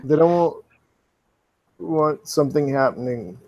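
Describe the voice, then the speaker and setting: A man's voice: fairly high pitch, slow pace, no room sound, highs cut off. A man voicing a frightened, gagged teenage village boy who stammers in a panic. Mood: scared.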